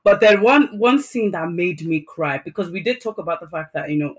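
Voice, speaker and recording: A woman's voice: fairly low pitch, fairly quick. A woman co-hosting a casual podcast chat, talking effusively and telling stories with lots of fillers. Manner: effusive, animated storytelling with many fillers. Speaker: podcast co-host. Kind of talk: casual chat reviewing a drama.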